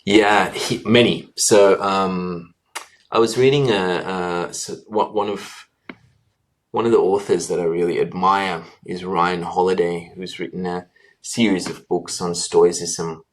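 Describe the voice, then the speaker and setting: A man's voice: deep voice, steady tone. A man, a doctor, answering interview questions in an earnest, reflective way, often restarting his sentences. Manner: earnest, halting with restarts and fillers. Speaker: guest, doctor.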